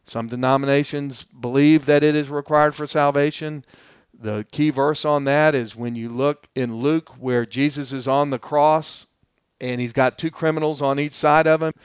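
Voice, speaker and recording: Male pastor, Bible teacher type: smooth, clear voice, direct and earnest, dry close sound. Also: fairly high pitch, fairly even intonation, normal speed, no echo. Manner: earnest, addresses listeners directly; plainspoken and explanatory.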